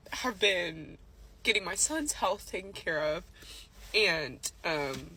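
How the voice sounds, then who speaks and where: A woman, a mother, talking in a casual vlog, complaining in a measured, explanatory way. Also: medium pitch, pushed and bright, a little hiss or hum, low-quality recording. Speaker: parent.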